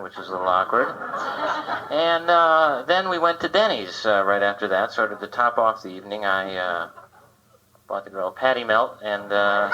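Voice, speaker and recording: A male comedian doing a self-deprecating stand-up set, chatting with the crowd on a comedy club stage. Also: on the low side. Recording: dull, noisy live club tape.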